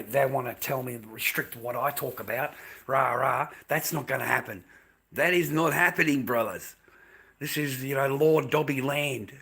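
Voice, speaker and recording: A man's voice: mid-range voice, sharp tone. A middle-aged Australian man ranting bluntly to his livestream chat, swearing freely as he rambles.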